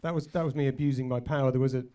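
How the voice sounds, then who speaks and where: A man's voice: mid-range voice, fairly even intonation, racing, warm tone. A man producer in a panel chat, joking about his cameo on the show.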